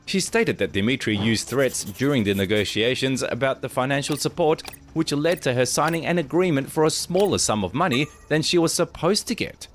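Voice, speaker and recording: A man doing scripted documentary narration at a middle pitch. He reads evenly and formally, steady from line to line. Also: moderate pace, hardly any pauses, faint music behind. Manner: even, formal read-out delivery.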